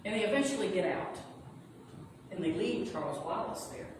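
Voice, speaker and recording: A woman's voice: medium pitch, lively intonation, normal speed. Woman preaching in an echoey hall. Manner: earnest, storytelling, reassuring. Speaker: reverend. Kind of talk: sermon retelling a story. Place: sanctuary of a spiritual center. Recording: echoey hall from far off, noisy.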